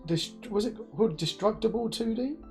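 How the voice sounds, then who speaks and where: A man hosting a casual live-stream interview, asking jokey, animated questions with many restarts. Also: high voice, moderate pace, soft background music. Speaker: interview host.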